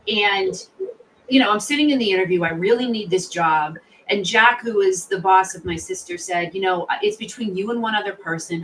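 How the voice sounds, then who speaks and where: A middle-aged woman tells a story with lively energy and acts out the voices of people in it. She sits a little away from the mic, and faint noise runs behind her. Her pitch sits in an ordinary middle range. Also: recorded from a distance, low-quality recording. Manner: lively, animated storyteller acting out quotes. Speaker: guest, sales author and founder. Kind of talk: storytelling in a podcast interview.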